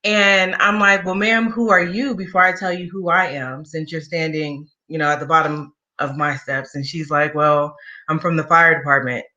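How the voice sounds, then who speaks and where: A woman shares a personal story in an interview, speaking candidly and conversationally with the occasional wry aside. Her voice has a bright, forceful quality. The recording sounds dull and lo-fi. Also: low-pitched, fairly even intonation, normal speed. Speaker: guest sharing a personal story.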